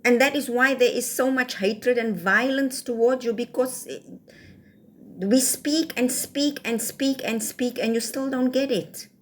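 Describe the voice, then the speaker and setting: A woman's voice: on the high side, measured pace, a little hiss or hum. Scolding South African woman. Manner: scolding, lecturing, rhetorical. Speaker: vlogger. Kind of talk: casual rant to camera.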